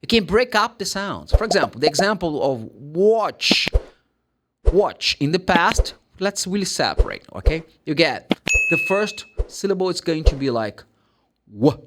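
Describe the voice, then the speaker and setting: Animated Brazilian man teaching pronunciation. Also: fairly high pitch, normal speed, background noise. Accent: Brazilian Portuguese. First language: Portuguese. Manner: animated, demonstrates sounds and acts out students' questions. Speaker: English teacher. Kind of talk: pronunciation lesson.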